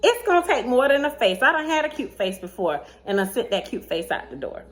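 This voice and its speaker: A woman vlogger telling a dating story in a casual storytime, sassy and animated, often laughing as she acts out both sides of the chat. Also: fairly high pitch, fairly quick.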